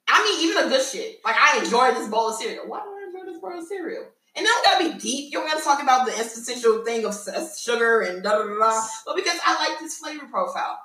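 A woman's voice: sits high, bright, forceful tone, distant mic. A woman co-hosting a podcast in casual chat, frank and profane, often laughing. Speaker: podcast co-host. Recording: echoey room, a bit off-mic.

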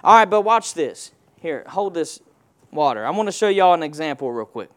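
A man's voice: fairly high pitch, big pitch swings, moderate pace. A man preaching a sermon in a church, using call-and-response and rhetorical questions. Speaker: pastor.

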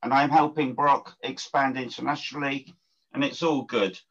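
A man's voice: mid-range voice, steady tone, moderate pace, fairly bright tone. An older man giving an upbeat self-introduction in punchy short statements on a video call. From England. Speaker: networking group organizer. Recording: dull lo-fi video call audio.

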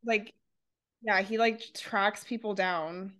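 A young woman chats about a book on a podcast, weighing her ideas aloud in a reflective, analytical way. Her pitch sits in a typical middle range. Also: steady tone, takes it slowly, a bit bright. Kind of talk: casual book-podcast chat.

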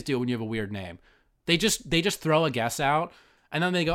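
A man talking solo on his podcast in a rambling, self-mocking comic monologue, swearing freely. His pitch swings widely and he is full of life as he rants. He sounds casual and unscripted. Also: big pitch swings, moderate pace, fairly bright tone. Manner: rambling, profane, self-deprecating. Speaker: podcast host.

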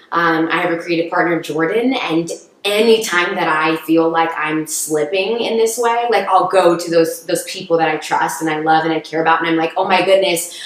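Earnest woman in an echoey room. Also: on the low side. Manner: earnest, encouraging, thoughtful. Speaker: guest, actress. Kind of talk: reflective podcast conversation.

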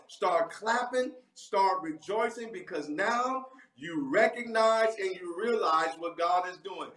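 A man preaching a livestreamed sermon with fervent delivery, breaking into sudden whooping exclamations. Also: high voice. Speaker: pastor. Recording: echoey room, mic at a distance.

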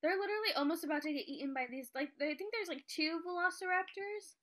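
A woman's voice: very high voice, quick pace, a crowd in the background. A woman chatting casually about a movie, recapping scenes with lots of filler words.

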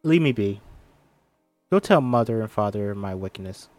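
A man's voice: fairly low pitch, animated, normal speed, darkish tone, no room sound, soft background music, natural voice. A man reading the part of a defiant teenage Puritan girl, delivering threats in old-fashioned language in his own voice. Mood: bitter.

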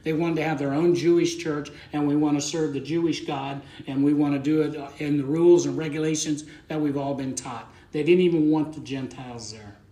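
A man's voice: a little high, steady tone, brisk, few pauses, mellow, roomy sound. A man preaching a conversational sermon as pastor, plain-spoken and folksy, often repeating words as he thinks aloud.

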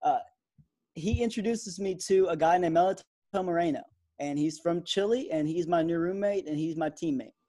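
A young man in his twenties co-hosting a podcast, chatting in a relaxed way with lots of fillers. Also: fairly high pitch, normal speed. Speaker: podcast co-host. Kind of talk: casual sports podcast chat.

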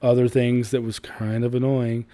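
This is a man in his thirties, talking in a relaxed co-hosted chat. His voice is dark and mellow, and the sound is dry and close with no room to it. He is blunt, swears freely and tells stories at an easy pace. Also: mid-range voice, normal speed, no echo. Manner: blunt, swears freely, laid-back storytelling. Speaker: podcast co-host. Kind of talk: casual chat.

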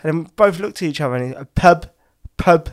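A man's voice: a little high, lively intonation, rapid-fire. A man, co-hosting a casual podcast chat, telling rambling stories full of fillers and restarts. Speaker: podcast co-host.

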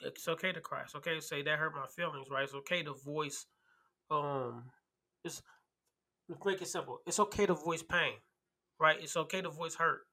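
A man's voice: fairly high pitch, moderate pace, long pauses, sharp tone. A man on a casual podcast, emphatic and repeating key phrases, often checking in with "right?".

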